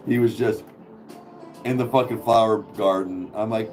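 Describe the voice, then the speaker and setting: A young man casually chatting with his viewers and cooing softly to his dog. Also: lowish voice, steady tone, measured pace, pauses often, soft background music. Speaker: streamer host.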